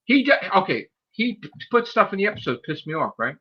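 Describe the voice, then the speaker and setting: A man hosting a podcast, ranting in a heated, profane way and mimicking people in high voices. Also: very animated, a little fast, sharp tone, husky, dull audio. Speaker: podcast host. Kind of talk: heated casual podcast rant.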